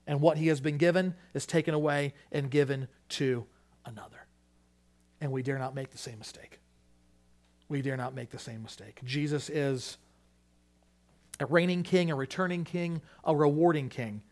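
Emphatic high-voiced male preacher. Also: fairly even intonation, normal speed, long pauses. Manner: emphatic, repeats key phrases, swings between loud peaks and hushed drops. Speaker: pastor. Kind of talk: sermon.

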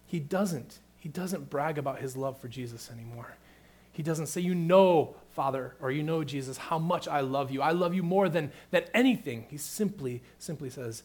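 A middle-aged man preaching a sermon, moving between hushed, tender passages and loud, emphatic questions. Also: on the high side, moderate pace. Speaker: pastor.

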